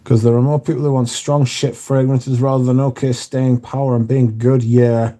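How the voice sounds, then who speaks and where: A man with a mellow, dark-toned voice hosts a casual livestream. He talks loosely and mutters and curses to himself between thoughts. His voice sits at an ordinary middle pitch. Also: little pitch movement, moderate pace. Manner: chatty, muttering and swearing to himself. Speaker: livestream host. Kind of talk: casual livestream chat, reading out viewer comments.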